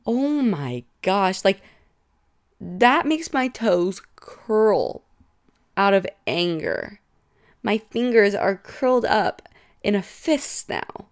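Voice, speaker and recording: A woman's voice: mid-range voice, sing-song, slow. A young woman hosting a casual podcast, talking in a gossipy, reactive way with lots of "like" filler. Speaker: podcast host.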